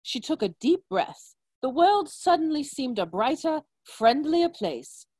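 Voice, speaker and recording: Giggly woman reading a goofy story on her phone, slow and swoopy, dry sound. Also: sits high, very animated, a little mellow, dry recording. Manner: giggly, breaks into laughter while reading. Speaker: story reader and co-host. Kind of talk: casual reading of a comic story.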